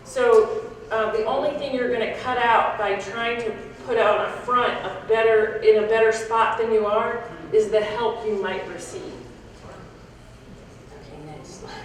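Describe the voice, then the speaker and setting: A woman delivers a frank, reflective talk to a conference audience in a large hall, making small restarts along the way. Her voice is on the high side, with fairly even intonation at a moderate pace, captured from a distance in an echoey space.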